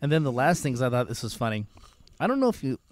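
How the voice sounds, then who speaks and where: A young man on a casual talk show, telling stories in an animated way and acting out the voices of people in them. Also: fast. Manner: animated storyteller, acts out quoted voices in higher pitch. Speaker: co-host. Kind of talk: casual chat.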